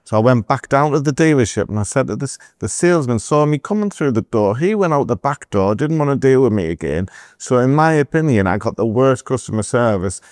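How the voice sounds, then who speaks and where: A middle-aged man from England, telling animated stories as a guest in a podcast interview, with asides to the host. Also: mid-range voice, brisk, hardly any pauses, no echo, studio quality. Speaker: entrepreneur guest.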